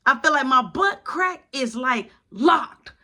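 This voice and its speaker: A man telling a casual storytime in an animated, slangy, dramatic style. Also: very high-pitched, slow pace.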